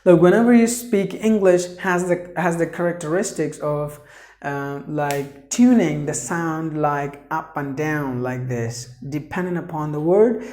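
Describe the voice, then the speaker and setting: A male English teacher gives a pronunciation lesson at an unhurried pace, sounding each word out syllable by syllable and repeating it for emphasis. His tone is mellow and dark, and the voice rings in a roomy, echoey space. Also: fairly high pitch. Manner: slow, deliberate, breaks words into syllables; repeats words for emphasis, many fillers.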